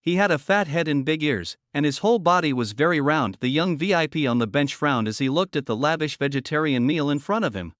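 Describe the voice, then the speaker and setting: A man reading a scripted story recap as the narrator, in an even, steady delivery. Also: a little high, a little fast, few pauses, no echo, clean studio sound.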